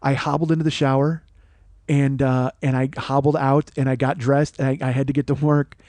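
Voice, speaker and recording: A man hosting a podcast, telling a comic personal story in a profane, animated, self-mocking way. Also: medium pitch, brisk, no room sound. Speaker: podcast host. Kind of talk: comedic storytelling monologue.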